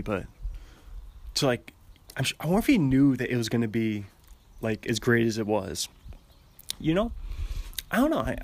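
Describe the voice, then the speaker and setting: A young man talking casually on a podcast, rambling and chatty, laughing often and restarting his sentences. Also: mid-range voice.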